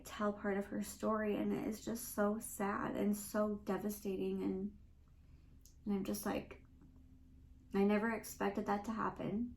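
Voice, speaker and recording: A woman's voice: medium pitch, gravelly, darkish tone, low-quality recording. A young woman hosting a podcast, talking earnestly and emotionally in a rambling personal monologue. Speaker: podcast host.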